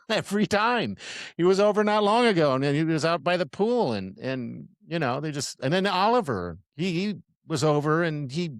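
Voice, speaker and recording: A man's voice: fairly high pitch, expressive, normal speed, no room sound, clean studio sound. A middle-aged man co-hosting a podcast, chatting casually, rambling with frequent restarts and laughs. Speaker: podcast co-host. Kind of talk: casual chat.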